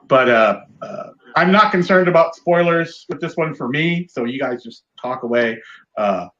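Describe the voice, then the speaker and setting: A man's voice: a little high, animated, moderate pace, a bit bright, dull audio. A man in a casual chat, speaking hesitantly with many fillers and asking the others questions. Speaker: podcast co-host.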